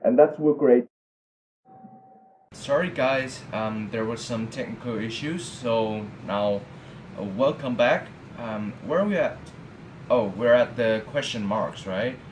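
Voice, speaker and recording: A young man whose first language is Vietnamese teaches brush calligraphy in a casual tutorial, halting often with fillers and restarts. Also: mid-range voice, darkish tone, reverberant, a little hiss or hum. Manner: halting, many fillers and restarts, friendly asides. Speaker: calligraphy instructor. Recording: tinny phone-like audio.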